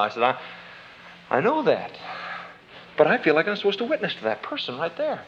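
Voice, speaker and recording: A man's voice: a little high, big pitch swings, fast, slight background noise. A man preaching a sermon, telling a personal story in a folksy, conversational way and acting out both sides of the dialogue. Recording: dull lo-fi recording.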